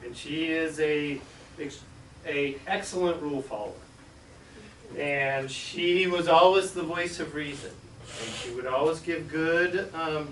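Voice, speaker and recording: A middle-aged man, a school superintendent, telling a childhood story in an animated way, acting out voices and sound effects. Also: a little high. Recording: echoey room, distant mic, faint hiss.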